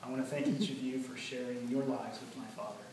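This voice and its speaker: A man giving an earnest memorial speech about his late father, telling stories with many pauses. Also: mid-range voice, sing-song, vocal fry. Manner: earnest, storytelling, pauses often. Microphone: far from the recording mic. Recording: echoey hall from far off, noisy.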